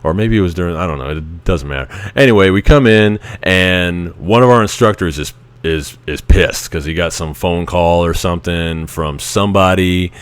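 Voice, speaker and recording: A man's voice: low voice, normal speed, hardly any pauses, clean tone, dry recording. A man in his thirties, a Navy veteran, telling casual stories about his service in a rambling, chuckling way with many restarts. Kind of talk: casual anecdotal storytelling.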